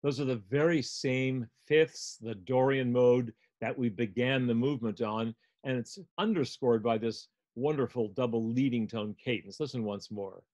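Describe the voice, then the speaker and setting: An older man gives a music lecture at a steady middle pitch, walking listeners through a score with patient explanations. His delivery is clear and instructive, like a recorded class. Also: normal speed, few pauses.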